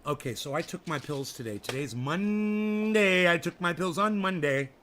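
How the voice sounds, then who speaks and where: A man's voice: fairly high pitch, fairly quick, background noise. A man hosting his own show, talking casually in a rambling, blunt and profane way. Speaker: host of a cannabis show. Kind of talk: casual chat.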